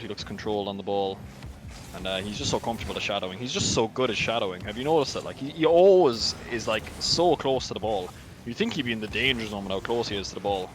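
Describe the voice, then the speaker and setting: A man with an Irish accent giving chatty color commentary and analysis on an esports match. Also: fairly low pitch. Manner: rapid, chatty analysis with fillers. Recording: noisy background.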